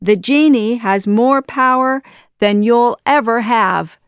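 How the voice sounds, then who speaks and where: A woman reading aloud, voicing a brave, quick-witted young man from the streets, defiant and raised in a storybook. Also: a little high, clean tone, no echo, clean studio sound, pitched above the performer's own voice.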